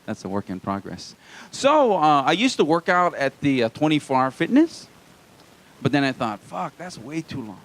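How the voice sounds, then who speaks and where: A man's voice: fairly high pitch, very animated, normal speed, a bit bright. A man from Hawaii doing a live stand-up set in a small comedy club, with self-deprecating, wry asides to the crowd.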